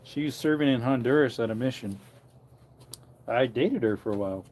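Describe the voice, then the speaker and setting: A man's voice: medium pitch, moderate pace, darkish tone, a little hiss or hum. A man in his thirties chatting casually on a livestream, rambling and answering chat comments aloud, outdoors near farm animals. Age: 30s.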